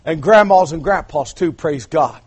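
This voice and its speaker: A man preaching an impassioned sermon, dropping to hushed asides and then building to shouted climaxes. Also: fairly high pitch, normal speed, slightly rough. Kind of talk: revival sermon.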